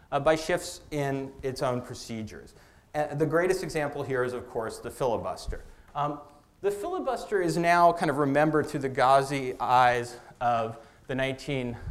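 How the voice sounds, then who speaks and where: A man giving a lecture as an author, halting, with many restarts and fillers. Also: on the high side. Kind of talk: public lecture on policy.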